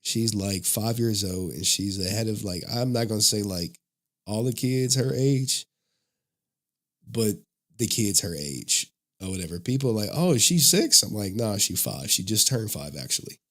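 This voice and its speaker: A man's voice: lowish voice, normal speed, a bit bright. A man hosting a livestream, chatting casually to his viewers, loose and slangy, often laughing. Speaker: livestream host.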